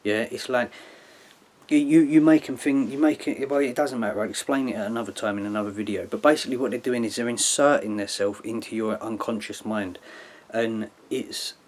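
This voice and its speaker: A man talks straight to the listener in a loose, rambling monologue, his pitch sitting in an ordinary middle range. He circles back on himself, tacking "yeah" and "like" onto his points, and keeps an earnest, lecturing tone throughout. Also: steady tone, a little fast, a little mellow. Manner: rambling, with frequent "yeah" and "like" tags. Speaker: video commentator. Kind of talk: casual explanatory monologue.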